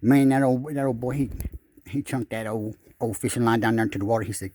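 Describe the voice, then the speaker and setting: A man telling a rambling comic fishing tale in a folksy drawl, dropping deadpan asides. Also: medium pitch, quick pace, no room sound.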